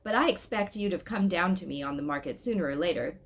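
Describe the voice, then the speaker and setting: A woman voicing a kind old man who sells flowers in a storybook, speaking slowly and gently. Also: fairly low pitch, animated, lightly acted. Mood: gentle. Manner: slow, warm, drawn-out speech.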